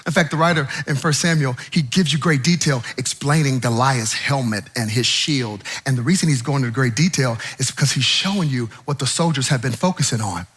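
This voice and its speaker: A male preacher delivering a sermon in an animated, humorous style, acting out scenes as he goes. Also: mid-range voice, a little fast, few pauses, husky. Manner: animated and humorous, with vivid acted-out asides.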